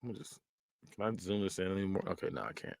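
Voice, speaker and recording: A man's voice: low-pitched, fairly even intonation, quick pace, vocal fry, a little hiss or hum. A man hosting a podcast, giving casual, joking reaction commentary and laughing often. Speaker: podcast host.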